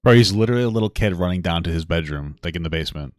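A man's voice: low voice, animated, racing, very noisy. A young man co-hosting a podcast, reacting to a video in a rambling, joking way with frequent laughs and restarts. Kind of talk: casual reaction chat.

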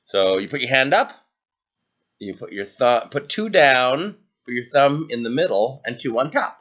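A man's voice: medium pitch, very animated, moderate pace, lo-fi sound. Playful preschool teacher man, lilting voice. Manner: gentle, playful, sing-song talk to small kids. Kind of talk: circle time lesson for young children. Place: indoors, away from the classroom. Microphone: computer webcam.

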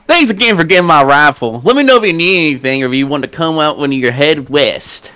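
A man voicing a friendly Old West woman who owns a rifle, giving an eager, bright line reading. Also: a little high, lively intonation, fast talker, clear, resonant tone. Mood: grateful. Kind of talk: fan voice-over of a game.

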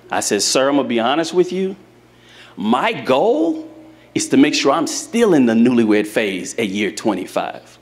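A man's voice: medium pitch, big pitch swings, unhurried. A man preaching a sermon to a live congregation in church, speaking to them directly and telling folksy, humorous stories. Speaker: pastor.

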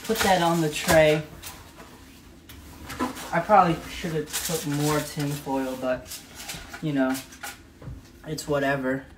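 A woman's voice: sits low, background noise. A woman hosting a casual live cooking stream from her home kitchen, talking on a phone camera in a chatty, rambling way that keeps correcting itself.

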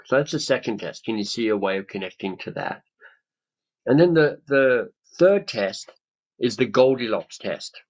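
An animated man in his fifties with a mid-range voice and moderate pace leads a coaching webinar over a video call. The webcam audio is poor. As a webinar speaker and author, he talks with enthusiasm and dramatizes other people's reactions.

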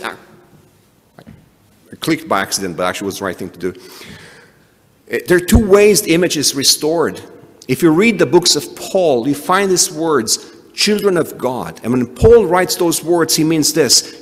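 A man preaching a sermon, animated, often restarting and adding asides. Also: a little high, normal speed, slightly rough. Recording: long hall reverb.

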